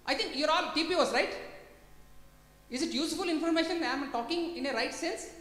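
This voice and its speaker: A woman's voice: high voice, fairly quick, fairly bright tone. A woman with an Indian English accent giving a talk to placement officers, often quizzing the audience and calling them sir. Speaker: industry guest speaker. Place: large conference hall. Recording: echoey hall with long reverb.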